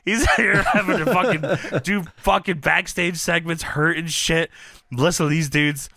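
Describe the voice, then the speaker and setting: A man's voice: fairly high pitch, unhurried, gravelly, bright, forceful tone, no room sound, clean studio sound. A man co-hosting a podcast, chatting casually and profanely, laughing and acting out quoted lines. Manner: profane, laughing, reads out wrestling dialogue in put-on voices. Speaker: podcast co-host. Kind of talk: casual recap chat.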